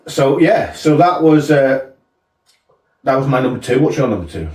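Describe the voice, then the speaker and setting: Laughing man, lively, roomy sound. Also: medium pitch, moderate pace, distant mic. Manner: jokey, laughs often, slips into silly put-on accents. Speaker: podcast co-host. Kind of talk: casual chat.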